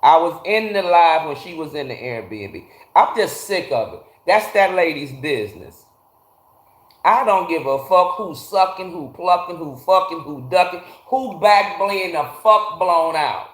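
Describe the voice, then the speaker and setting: A man hosting a live phone stream from a garage, cursing freely and ranting bluntly while calling out his viewers by name. His voice sits a little on the high side, and the room gives it a hollow, echoey ring. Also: lively intonation, measured pace. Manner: blunt, profane ranting, greeting chatters by name. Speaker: livestream host. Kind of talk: casual livestream chat with viewers.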